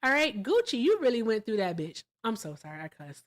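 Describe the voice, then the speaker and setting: Woman from virginia hosting a livestream, kinda high voice, super gushy, loud then quiet mumbly. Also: a little fast. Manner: animated, gushing thanks to viewers, swings between loud excitement and quiet asides. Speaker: livestream host. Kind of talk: casual livestream chat.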